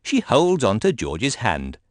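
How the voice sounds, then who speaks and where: A man gently reading a children's storybook aloud in a sing-song, scripted narration. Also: mid-range voice, wildly swooping pitch, slow pace, no room sound, clean studio sound.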